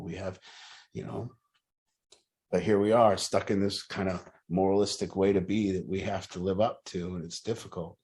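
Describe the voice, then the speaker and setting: A man's voice: sits low, fairly even intonation, moderate pace, darkish tone. A middle-aged man leading a group, talking earnestly and working through his thoughts with repeated rhetorical questions. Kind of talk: reflective group talk.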